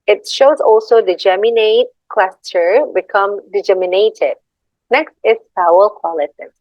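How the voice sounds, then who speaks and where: A young adult woman with an Indonesian accent gives a class presentation as a student, speaking a little slowly at medium pitch. She sounds hesitant and apologetic as she reads from her slides and repeats example words. The recording is dull, lo-fi, and dry.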